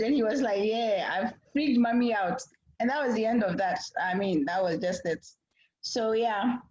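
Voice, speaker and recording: A woman facilitating a casual panel chat, frank and lively, acting out quotes as she tells stories. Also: sits high. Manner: frank, lively storyteller who acts out quotes. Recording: roomy, dull lo-fi sound.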